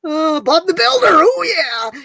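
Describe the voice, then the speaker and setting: A woman's voice: very high-pitched, sing-song, unhurried, vocal fry, sharp tone, no echo, clean studio sound. A woman hosting a casual live chat stream, cracking bawdy jokes and laughing constantly. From Canada. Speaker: livestream host.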